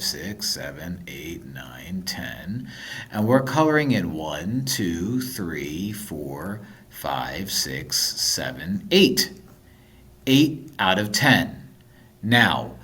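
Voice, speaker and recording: A man's voice: medium pitch, a bit bright. A man teaching a video math lesson, playful and thinking aloud, sometimes dropping to a whisper.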